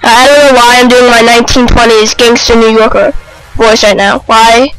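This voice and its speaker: High-voiced man playing a game. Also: clear, resonant tone, faint music behind, poor audio. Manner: excitable, self-mocking, quick retorts. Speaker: let's play gamer. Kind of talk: casual gameplay commentary.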